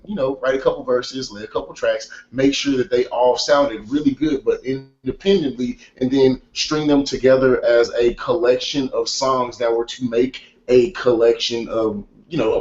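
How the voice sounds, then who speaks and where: Co-host, man, mid-pitched, frank and profane, lo-fi echoey recording. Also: normal speed, few pauses. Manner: frank, profane, rambling, teasing. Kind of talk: casual hip hop podcast chat. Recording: echoey lo-fi room mic with faint noise.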